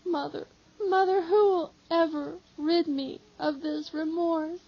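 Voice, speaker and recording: A woman's voice: steady tone, a little slow, husky, exaggerated voice. A woman voicing a weeping, remorseful young male disciple, pleading through sobs. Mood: sobbing. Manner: sobbing, pleading, high strained cries. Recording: slightly dull lo-fi audio.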